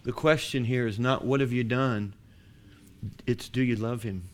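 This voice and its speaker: A man's voice: medium pitch, measured pace, a little hiss or hum. A man preaching a sermon as pastor, building to emphatic declarations.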